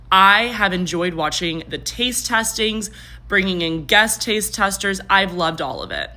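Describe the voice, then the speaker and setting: A woman's voice: fairly low pitch, bright, forceful tone. A woman vlogger defending a store in an emphatic, defiant way. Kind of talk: opinion vlog.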